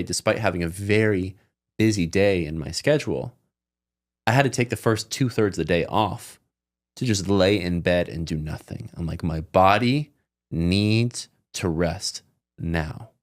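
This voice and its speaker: A young adult man co-hosting a podcast, speaking candidly and in a relaxed, soft way about his own emotions. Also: lowish voice, brisk. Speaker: podcast co-host. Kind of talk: casual personal talk.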